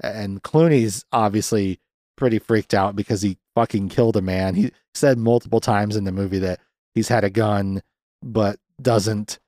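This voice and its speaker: A man's voice: fairly low pitch, dark tone, no room sound, clean studio sound. Rambling, sardonic male podcast host. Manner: rambling, profane, sardonic, mimics characters in quick raised voices. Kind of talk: casual film recap.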